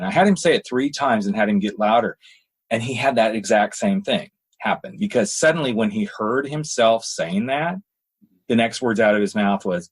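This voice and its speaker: Husky-voiced man hosting a podcast. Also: on the low side, moderate pace. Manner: animated storyteller, laughs often. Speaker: podcast host. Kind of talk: casual interview chat.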